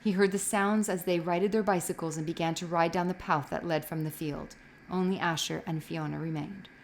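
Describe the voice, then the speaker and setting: A woman's voice: on the low side, steady tone, brisk, a little hiss or hum. A woman reading a novel aloud expressively, with occasional slips that she corrects as she goes. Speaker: reader.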